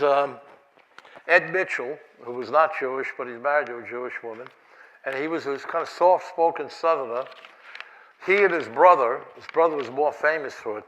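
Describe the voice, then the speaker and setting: A man's voice: mid-range voice, fairly bright tone, poor audio. An older man giving a rambling, chuckling keynote talk full of anecdotes, restarts and fillers. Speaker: keynote speaker. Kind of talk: lecture with anecdotes. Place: conference lecture hall.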